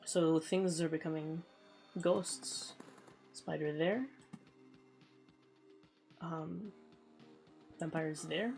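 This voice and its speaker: A woman's voice: sits low, extremely slow, vocal fry, pauses often, a little mellow, soft background music. A woman streamer giving casual let's play commentary, thinking aloud in a rambling, offhand way.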